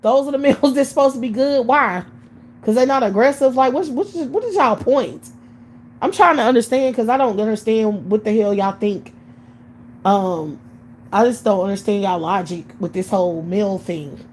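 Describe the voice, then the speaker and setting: A woman's voice: fairly high pitch, moderate pace, slight background noise. A woman hosting a livestream, ranting to her chat in a combative, profane way, firing off rhetorical questions and restarting words when heated.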